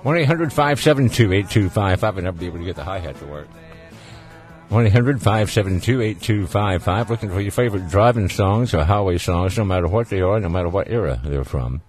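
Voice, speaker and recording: Deep-voiced folksy Southern radio host. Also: male voice, lively intonation, brisk, a little mellow, soft background music. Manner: folksy, easygoing, laughs often. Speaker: radio call-in show host. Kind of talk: casual call-in radio chat.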